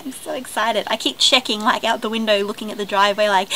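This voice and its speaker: Bubbly, excitable Australian woman. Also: fairly high pitch, a little fast. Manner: bubbly, gushing excitement, gasps and squeals. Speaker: vlogger. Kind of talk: casual unboxing vlog. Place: at home, partly outdoors by the driveway. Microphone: handheld camera. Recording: noisy home camera recording.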